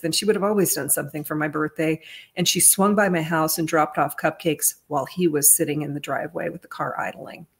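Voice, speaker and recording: This is a woman vlogger retelling a family story, her fairly low voice slightly rough. She talks in an earnest, meandering way, restarting sentences often, and she lifts her voice when the story becomes emotional.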